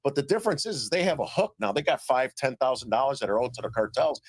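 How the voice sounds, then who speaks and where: A middle-aged man on a live stream telling stories about his reporting in a casual, animated way, acting out what others said. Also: mid-range voice, fast talker, slightly rough, no room sound. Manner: animated storyteller, acts out quoted dialogue. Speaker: citizen journalist guest. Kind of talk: casual remote interview.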